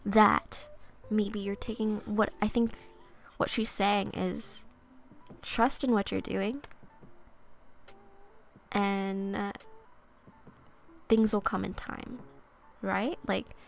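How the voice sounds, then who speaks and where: A young woman streamer reading oracle cards in a soft-spoken ASMR style, chatty and thinking aloud. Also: medium pitch, vocal fry.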